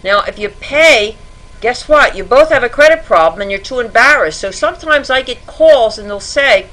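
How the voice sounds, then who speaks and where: A woman's voice: a little high, lively intonation, moderate pace, a bit bright, a little hiss or hum, low-quality recording. A middle-aged woman, a podcast guest, giving earnest, cautionary advice about credit. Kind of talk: podcast interview.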